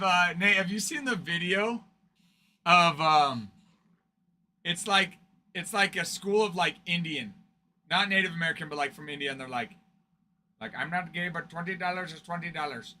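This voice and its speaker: A man's voice: high-pitched, unhurried, long pauses, sharp tone, slight background noise. A man hosting a card break stream, chatting casually with viewers, joking and laughing often. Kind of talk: casual livestream chat with viewers.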